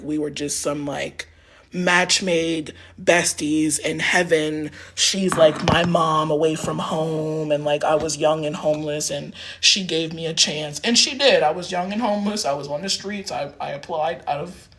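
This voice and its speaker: A man's voice: fairly high pitch, fairly even intonation, a little slow, a bit bright. A man rambling in a casual livestream rant, filling his talk with lots of filler words.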